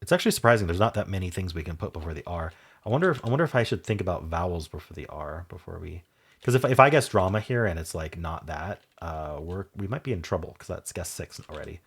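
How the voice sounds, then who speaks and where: A man with a deep, slightly husky voice hosts a word-puzzle video, reasoning aloud as he works through guesses. He spells out letter combinations and lets his sentences fade off softly, with keys clicking in the background. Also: animated, fast talker. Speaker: Wordle video host. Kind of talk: thinking aloud while solving a word puzzle.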